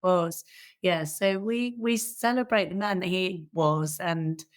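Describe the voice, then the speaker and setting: Croaky, frank British woman, lowish voice. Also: slow. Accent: British English. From England. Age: middle-aged. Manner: frank, steady, occasionally swearing. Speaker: interview guest. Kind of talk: candid personal storytelling.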